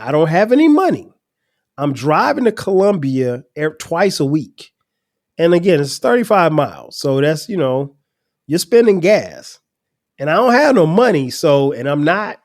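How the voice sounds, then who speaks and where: A man, telling a personal story on his podcast in a relaxed way and chuckling at his younger self. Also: on the high side. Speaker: podcast host.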